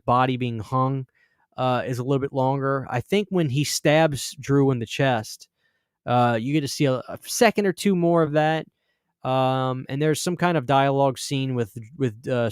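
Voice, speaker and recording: A man's voice: medium pitch, fairly even intonation, normal speed, smooth, no room sound, studio quality. A young man hosting a horror channel, telling a rambling story in casual chat and acting out the voices of people he quotes. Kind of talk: casual storytelling to a live stream audience.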